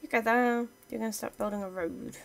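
A woman's voice: a little high, fairly even intonation, fairly quick, vocal fry. A young woman chatting casually through her strategy game, talking to her units as she plays. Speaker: let's play gamer. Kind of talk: casual gameplay commentary.

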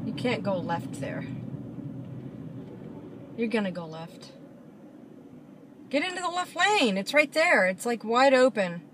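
A woman's voice: on the high side, very animated, takes it slowly, pauses often. A woman driving and filming, ranting at other drivers with sarcastic, swearing mutters. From Florida. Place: inside a car on the road. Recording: car cabin with road noise.

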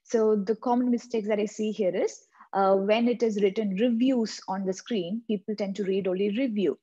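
Woman tutor with a non-native english accent, husky mellow voice, dull lo-fi sound, keeps repeating the main points. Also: mid-range voice, fairly even intonation, moderate pace. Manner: earnest, repeats key points for emphasis. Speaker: exam coaching tutor. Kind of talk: instructional tutorial.

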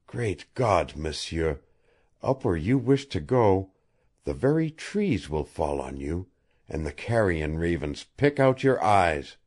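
A man's voice: deep voice, very animated, takes it slowly, darkish tone, exaggerated voice. A man reading aloud and voicing a grim, sarcastic French guide with a French accent, who speaks in solemn warnings.

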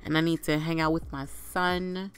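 A woman's voice: low voice, little pitch movement, normal speed, clean tone. A woman casually commentating her life-sim gameplay and chatting to her game characters as if they were family. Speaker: gaming channel host.

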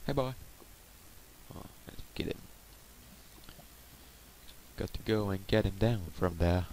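Slow and on the low side, this man's voice carries casual gameplay commentary as he addresses the monsters on screen. He curses liberally and occasionally sinks to a murmur, with clear background noise audible.

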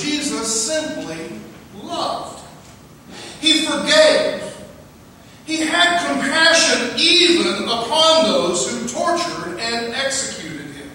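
A man in his forties preaching an earnest sermon, slowing to stress key words. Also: very high voice, sharp tone, a little hiss or hum. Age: 40s. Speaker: pastor. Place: large church sanctuary. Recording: echoey hall from far off.

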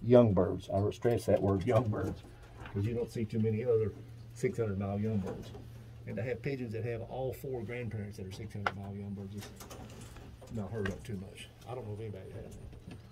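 A man's voice: on the low side, level tone, a little fast, very noisy. A man in his seventies with a Kentucky accent, a pigeon breeder rambling through a casual walkthrough of his loft, full of fillers and repeats. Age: 70s. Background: pigeons cooing.

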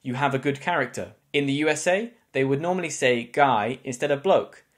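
Speaking fairly quickly in a mid-range voice, this British man from England teaches English slang from a script. His explanations are clear, and he slips in wry asides.

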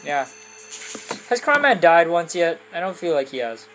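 A young woman giving goofy, rambling commentary over a video game, often breaking into loud squeals and silly voices. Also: lowish voice, sing-song, moderate pace, faint music behind, low-quality recording. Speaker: let's play commentator.

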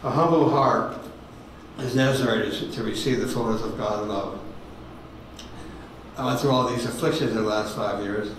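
Man in his 80s, echoey distant hall. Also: on the low side. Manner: halting, repeats words, folksy storytelling. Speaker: guest speaker giving testimony. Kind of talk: personal testimony sermon. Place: ministry meeting room with audience. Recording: very echoey hall, distant mic, faint noise.

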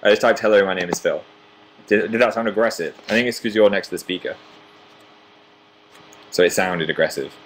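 A man's voice: on the low side, a little fast, pauses often, a bit bright, slight background noise. A young man in his twenties casually chatting on a home livestream, reading viewer comments aloud with self-deprecating humor. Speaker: livestream host.

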